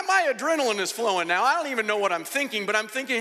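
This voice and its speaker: Animated high-voiced preacher in a hall. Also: male voice, very fast, hardly any pauses. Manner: animated, dramatic retelling. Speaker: pastor. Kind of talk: sermon storytelling. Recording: long reverb of a large hall.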